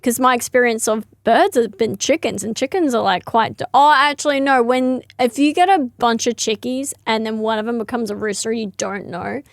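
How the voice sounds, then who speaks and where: Giggly high-voiced woman, gravelly edges. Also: moderate pace, few pauses, dry recording, clean studio sound. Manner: rambling, giggly, lots of "like" and self-corrections. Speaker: comedian. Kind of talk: casual comedic monologue.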